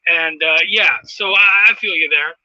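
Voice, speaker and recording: Enthusiastic male host, high and very bright, profane, dull dry lo-fi sound. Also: a little slow, dry recording. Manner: enthusiastic, profane, reads viewer comments. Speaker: podcast host. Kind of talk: casual interview chat.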